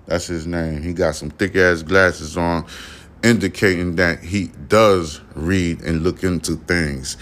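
A man's voice: sits low, fairly even intonation, measured pace, a bit bright. A podcast host, reading news stories aloud and breaking off into profane, slangy asides to his listeners. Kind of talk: reading news with casual commentary.

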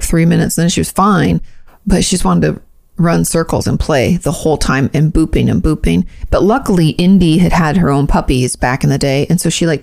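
A woman's voice: low-pitched, creaky, a little mellow. A woman co-hosting a podcast in casual chat, blunt and chatty, swearing now and then. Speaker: podcast co-host.

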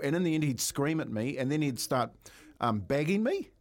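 Animated male co-host telling a story. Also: fairly high pitch, a little fast. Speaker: radio co-host. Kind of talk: casual banter.

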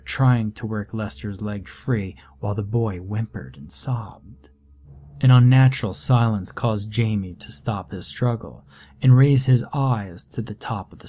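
A man narrating a scripted horror story in a measured, deliberate way. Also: on the low side, dark tone.

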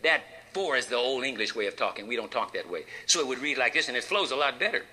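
A man preaching a sermon, folksy and emphatic, with dramatic pauses and rhetorical questions. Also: medium pitch, sing-song, bright, forceful tone.

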